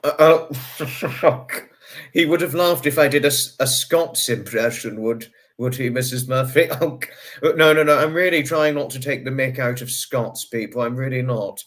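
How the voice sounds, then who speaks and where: A man, hosting a casual livestream and reading out viewer comments in a chatty way, greeting each viewer with sudden high bursts. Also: moderate pace, fairly bright tone. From United Kingdom. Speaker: livestream host.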